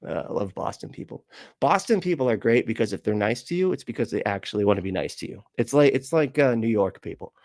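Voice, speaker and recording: A man's voice: fairly low pitch, expressive, a little fast, darkish tone, dry recording. A man with a Southern US accent hosting a livestream, chatting casually and reading comments, rambling, laughing a lot and swearing freely. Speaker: livestream host.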